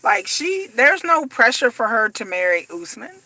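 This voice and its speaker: Bright-voiced woman ranting animatedly. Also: fairly high pitch, moderate pace, dry recording. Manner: animated, acts out the people she talks about. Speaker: reality TV commentator. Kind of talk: casual rant to viewers.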